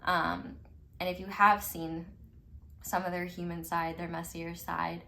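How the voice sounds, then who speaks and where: A woman's voice: lowish voice, level tone, a little slow, pushed and bright, slight background noise. A woman giving a casual pick-a-card tarot reading, chatty and emphatic, peppering her talk with "like", casual swearing and frequent laughter. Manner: laughs often between remarks. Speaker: tarot reader.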